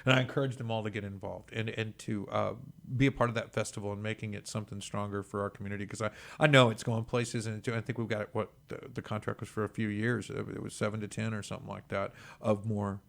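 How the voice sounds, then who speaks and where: A man's voice: fairly low pitch, flat delivery, fast, creaky, few pauses. A man with a Texan accent hosting a local radio talk show, chatting in a rambling way and laughing often. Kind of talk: casual chat.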